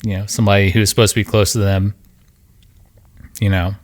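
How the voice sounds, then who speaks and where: Deep voiced guy hosting a podcast, lots of ums and uhs. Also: level tone. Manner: halting, many ums and uhs. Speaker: podcast host. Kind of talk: casual chat.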